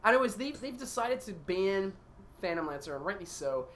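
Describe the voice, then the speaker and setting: A Canadian caster talks through picks and bans in a chatty, rambling way, often restarting sentences. The voice is mid-pitched and sits over a clear bed of background noise. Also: big pitch swings, normal speed, a bit bright. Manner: chatty, rambling, self-correcting. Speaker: esports caster. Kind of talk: casual tournament casting.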